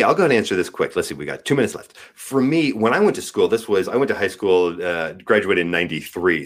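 Man, forties, low-pitched, earnest, frank, emphatic in bursts. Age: 40s. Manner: earnest, frank, swings between soft and emphatic. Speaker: guest. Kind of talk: candid podcast conversation.

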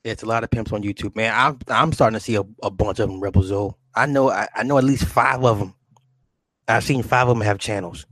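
A man's voice: fairly low pitch, fairly quick, a bit bright, dry recording. Profane, rambling man in casual chat. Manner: profane, rambling, laughs often.

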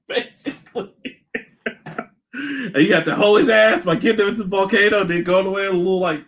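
A man co-hosting a podcast, chatting casually and excitedly, laughing often and acting out voices as he retells stories. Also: high voice, normal speed, long pauses. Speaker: podcast co-host. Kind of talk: casual chat.

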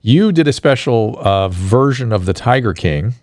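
A man hosting a talk show, briskly asking questions and steering the conversation. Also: medium pitch, animated, darkish tone, dry recording, clean studio sound. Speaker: host.

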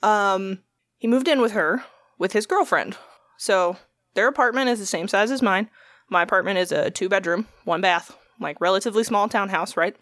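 A young woman's fairly bright, ordinary-pitched voice moves at a moderate pace as she tells a rambling tale in casual podcast conversation. She swears freely and takes on the voices of those she quotes. The sound is dry and close-miked, without room sound.

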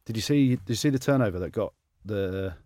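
Low male voice, casual co-host, teasing and animated, dry close mic. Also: fairly quick, no room sound. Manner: animated, teasing banter, rising high when incredulous. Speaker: podcast co-host, former rugby player. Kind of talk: casual chat.

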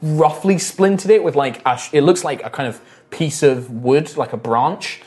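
A man's voice: on the high side, normal speed, over a noisy crowd. Rambling man running a tabletop game. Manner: rambling description full of "like" and restarts. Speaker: game master.

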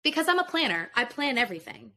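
A woman's voice: high-pitched, fast talker. A young woman, a podcast guest, telling a personal story in casual conversation, emotional and profane as she acts out both sides. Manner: emotional, profane, animated retelling.

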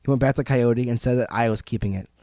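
A man retelling an old legend on a podcast in a loose, joking way. He speaks at a mid pitch, and his voice is dry and close to the mic. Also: fast talker, warm tone, dry recording. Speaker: podcast host, storyteller. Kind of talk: casual storytelling podcast.

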